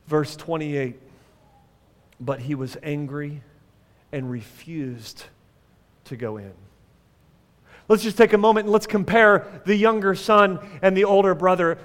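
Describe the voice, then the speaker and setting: A pastor giving a sermon in a conversational way, putting questions to the congregation and adding wry humor. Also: male voice, sits high. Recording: long reverb of a large hall.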